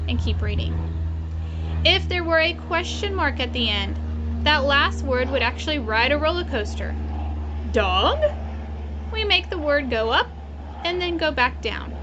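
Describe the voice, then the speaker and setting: A woman teacher reading a picture book to young students in a slow, clear, instructive way. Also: sits high, a bit bright. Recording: dull lo-fi audio with faint noise.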